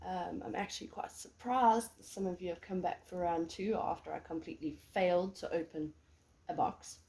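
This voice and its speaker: A woman in her thirties with a hoarse, sick voice, chatting casually and self-deprecatingly through a home craft tutorial. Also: on the low side, fairly even intonation, normal speed, mellow. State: hoarse from illness. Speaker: crafting vlogger.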